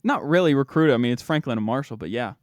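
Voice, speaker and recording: A man hosting a podcast, talking in a casual, excitable way with incredulous outbursts. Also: mid-range voice, fast talker, no room sound, clean studio sound. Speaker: podcast host.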